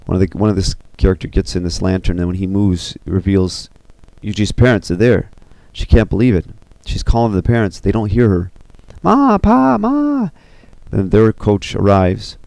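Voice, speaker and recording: A man casually pitching a film story scene by scene, loose and rambling with many fillers. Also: steady tone, brisk, hardly any pauses, dark tone, no room sound. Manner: loose and rambling, full of 'you know' and 'kinda'.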